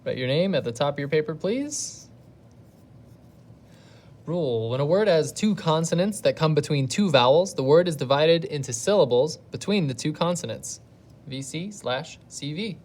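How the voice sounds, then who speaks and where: A woman's voice: low voice, expressive, brisk, darkish tone. Patient woman teaching an online lesson. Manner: patient, thinks aloud step by step. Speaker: elementary school teacher. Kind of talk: recorded video lesson for pupils at home.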